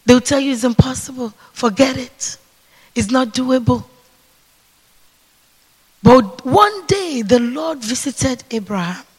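A man preaching a sermon to a seated congregation, calling for responses and swinging between hushed whispers and shouts. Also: very high voice, expressive, takes it slowly, pauses often, slightly rough. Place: church hall with seated congregation. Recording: long reverb of a large hall.

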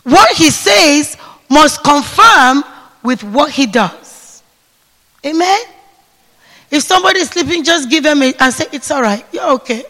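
A man preaching a sermon to a seated congregation, calling for responses and swinging between hushed whispers and shouts. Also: very high voice, expressive, measured pace, long pauses. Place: church hall with seated congregation. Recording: long reverb of a large hall.

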